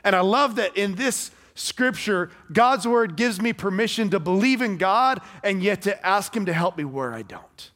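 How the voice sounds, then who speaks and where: Guy preaching a sermon, kinda high voice, big hall echo, goes loud then quiet. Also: animated, moderate pace, few pauses. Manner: conversational preaching, shifting between loud and hushed. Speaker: pastor. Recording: long hall reverb.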